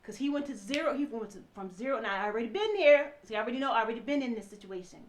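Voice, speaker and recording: A woman telling an emotional personal story, halting and restarting often as she relives it. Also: a little high, animated, a little hiss or hum. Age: adult mother. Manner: halting, many restarts, acts out quoted dialogue.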